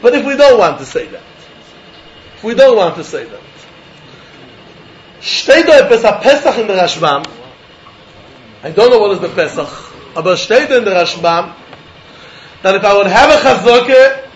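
Man, very high voice, animated Talmud lesson, echoey room, faint noise. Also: normal speed, pauses often, muffled recording. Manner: animated, questioning, mixing Yiddish and Hebrew terms. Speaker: Talmud teacher.

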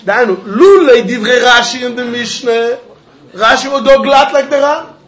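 A high-pitched man gives a Talmud lecture, arguing the text in an animated, probing way. He drills his listeners with pointed questions. The recording sounds dull and lo-fi. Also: normal speed. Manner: animated, argumentative, mixing Yiddish and Hebrew terms into English; asks students pointed questions. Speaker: Talmud teacher.

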